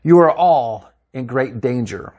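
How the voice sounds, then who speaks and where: A man plays an elderly physicist who appears out of nowhere with grave, solemn warnings. He speaks in a measured, story-reading voice at an ordinary middle pitch. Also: animated, darkish tone. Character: older male physicist visitor, grave and prophetic.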